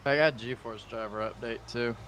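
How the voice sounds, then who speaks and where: A man's voice: mid-range voice, steady tone, normal speed, fairly bright tone, slight background noise. A man co-hosting a gaming livestream, chiming in with short remarks and laughing along. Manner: brief replies, laughs along. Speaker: stream co-host. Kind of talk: casual chat.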